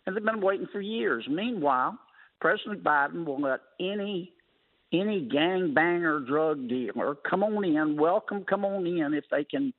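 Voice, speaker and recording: A man's voice: on the high side, animated, moderate pace, no room sound. A man, a senator guesting on a talk radio show, talking in a folksy, wry way with colorful sayings. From Louisiana. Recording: phone-line call-in.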